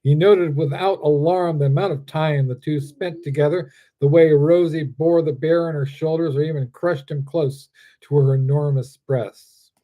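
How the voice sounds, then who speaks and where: A man who is the author reads his own story aloud in a steady, deliberate voice. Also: on the high side, phone-quality sound.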